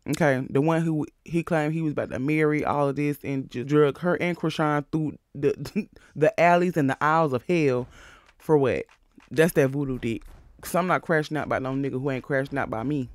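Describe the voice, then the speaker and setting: A man hosting a casual recap of a reality show, sassy, animated and profane as he talks. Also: on the high side, brisk, no room sound, studio quality.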